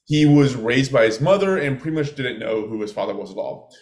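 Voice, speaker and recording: A man's voice: mid-range voice, animated, a little fast, a little mellow. Man co-hosting in a roomy room. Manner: chatty, joking, trails off and restarts. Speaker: podcast co-host. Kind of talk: casual chat, telling a true-crime story. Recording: roomy echo.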